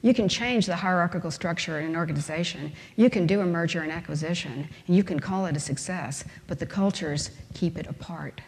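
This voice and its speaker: A woman's voice: lowish voice, fairly quick, few pauses. A woman giving a conference lecture, talking emphatically with rhetorical questions and everyday examples. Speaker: conference speaker. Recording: long hall reverb.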